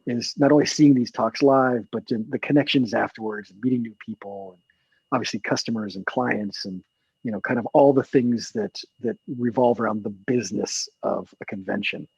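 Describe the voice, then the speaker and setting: Husky-voiced man, chatty call host. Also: mid-range voice, fairly even intonation, moderate pace, darkish tone, no room sound, dull audio. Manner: chatty, rambling with many fillers and restarts. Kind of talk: casual chat on a video call.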